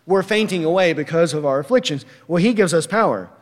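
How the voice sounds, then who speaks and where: A man's voice: a little high, expressive, a little fast, in a large hall. A man preaching a sermon emphatically, reading verses and firing rhetorical questions.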